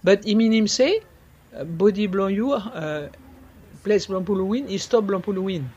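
A man talks in a casual interview, slipping in French words and pausing to find the right ones. His voice sits high, and a faint noise hums behind him. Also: a little mellow, highs cut off. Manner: searching for words, many fillers. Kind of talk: casual conversation.

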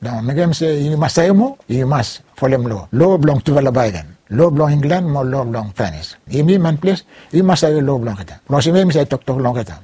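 A man with a Ni-Vanuatu Bislama accent recounting his life story in an interview, halting and slipping between Bislama, English and French. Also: medium pitch, big pitch swings, dark tone, slightly rough, no echo.

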